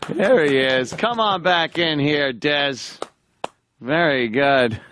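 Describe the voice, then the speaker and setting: A man's voice: a little high, slow, fairly bright tone, slight background noise. A man hosting a radio show, reacting with easy laughs and short remarks. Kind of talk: casual radio chat.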